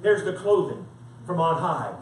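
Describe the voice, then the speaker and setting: A man's voice: a little high, lively intonation, unhurried. A man preaching a sermon, reading scripture dramatically and with emphasis. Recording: echoey room from far off, faint background.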